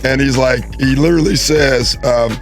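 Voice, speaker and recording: A former player recalling a trash-talking opponent, talking in halting bursts with many fillers. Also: male voice, medium pitch, faint music behind. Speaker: former player in a group chat.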